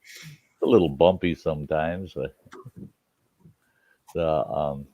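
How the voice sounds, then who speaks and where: A man's voice: a bass voice, slow, dark tone, no room sound. A man hosting a late-night live stream. He tells stories in casual chat, laughs often and swears freely. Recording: dull lo-fi stream audio.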